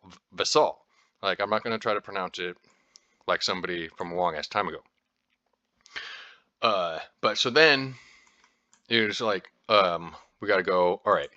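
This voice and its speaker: An American man with a low, bright, forceful voice hosts a podcast, talking casually as he explains things. He rambles with plenty of fillers and restarts, and his informal manner includes the occasional swear word. The audio is dull and has no echo.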